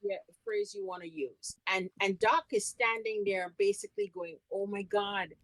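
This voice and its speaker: A woman co-hosting a podcast, casually retelling an episode with lively rises in pitch. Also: moderate pace, dry recording, low-quality recording. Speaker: podcast co-host. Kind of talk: casual recap chat.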